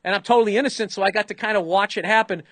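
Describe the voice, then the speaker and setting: A middle-aged man with a Boston accent tells a rambling comic story in casual podcast chat, cursing often and slipping into the voices of the people he describes. His voice sits a little high for a man. The sound is close and dry, with no room around it. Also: racing, no echo. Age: 50s. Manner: profane, animated storyteller, acts out other people's lines. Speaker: comedian, podcast host.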